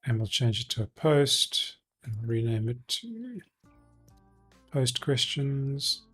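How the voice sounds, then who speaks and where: Husky man thinking aloud while coding. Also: mid-range voice, very animated, slow pace, fairly bright tone, soft background music. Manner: thinking aloud, many ums and self-corrections. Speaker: developer live-streaming a coding session. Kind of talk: casual live-coding walkthrough.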